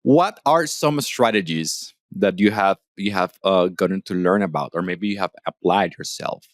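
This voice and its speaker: A man's voice: low-pitched, moderate pace, no room sound, studio quality. A man hosting an interview, a former English teacher who rambles with many restarts and fillers. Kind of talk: casual interview chat.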